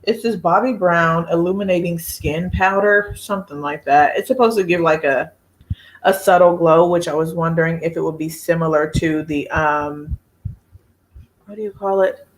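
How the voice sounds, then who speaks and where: A woman's voice: fairly low pitch, normal speed, a little hiss or hum. A woman, hosting a casual beauty live chat, chatty and laughing often as she reads viewer comments.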